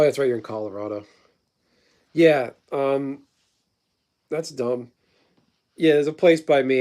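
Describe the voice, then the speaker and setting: With a mellow, medium-pitched voice, a man in his thirties runs a casual livestream. He replies to chat while rambling through stories and offering blunt, profane opinions.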